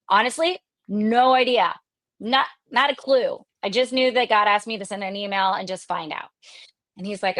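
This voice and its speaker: Lively, talkative woman from Texas. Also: mid-range voice, dry recording. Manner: animated, lively retelling with quoted dialogue and frequent fillers; extroverted and talkative. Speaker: podcast guest. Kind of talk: casual storytelling interview.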